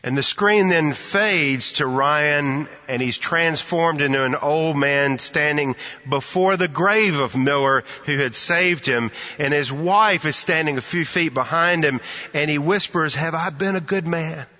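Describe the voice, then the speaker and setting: A man preaching a sermon, telling stories and slowing to a soft, quiet delivery to drive points home. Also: a little high. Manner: storytelling, slows and softens for emphasis. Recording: muffled sound in a long-reverb hall.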